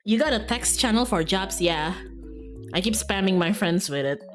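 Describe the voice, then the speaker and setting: A woman's voice: medium pitch, expressive, moderate pace, faint music behind. A young woman streaming a game, chatting casually and rambling, often laughing. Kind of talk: casual live-stream chat while gaming.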